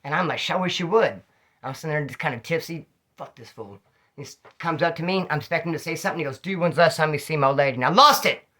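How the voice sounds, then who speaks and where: A middle-aged man telling rambling, slang-filled prison stories in a casual, animated way, a little tipsy. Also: fairly high pitch, very fast. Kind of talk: casual storytelling to camera.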